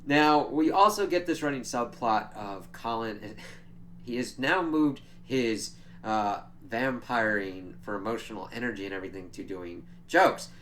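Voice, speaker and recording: A man's voice: fairly low pitch, a little slow, fairly bright tone, a little hiss or hum. A man giving a casual, chatty spoiler recap of a TV episode, swearing freely and laughing as he retells scenes. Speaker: show reviewer.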